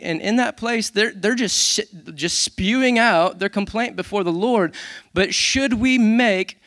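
A man who is a worship leader, giving a casual, animated sermon with self-deprecating humor. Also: sits high, dry recording, studio quality.

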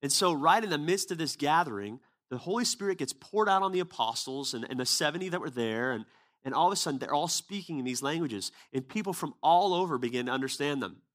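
A man's voice: fairly high pitch, animated, quick pace, fairly bright tone. Casual storytelling male preacher. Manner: casual, conversational retelling with quoted dialogue. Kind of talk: sermon storytelling.

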